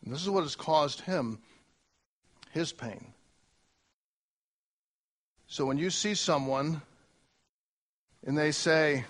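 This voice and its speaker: A male pastor preaching to his congregation in a church, his voice sitting a little high for a man. He stacks word after word into long lists and swings between booming emphasis and quiet, dropped phrases. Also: slow, long pauses. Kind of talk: sermon.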